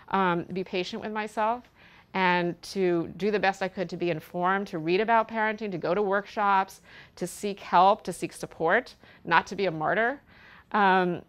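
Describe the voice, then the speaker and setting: A woman's voice: mid-range voice, fairly bright tone, smooth. A middle-aged woman, a parenting educator, giving an earnest talk to an audience, telling a personal story with frequent ums. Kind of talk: speaking to an audience at an event.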